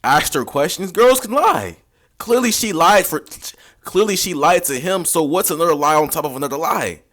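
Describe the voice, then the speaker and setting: A man's voice: fairly high pitch, expressive, moderate pace, fairly bright tone. A man hosting, giving casual reaction commentary in slangy, lecturing talk. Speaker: dating coach, host.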